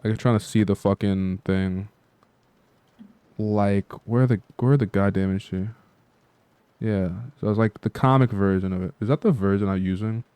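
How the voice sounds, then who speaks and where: A man's voice: on the low side, fairly even intonation, moderate pace, dark tone, clear, resonant tone, no echo. A man hosting his channel, talking in a loose, rambling way full of fillers and casual swearing. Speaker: channel host.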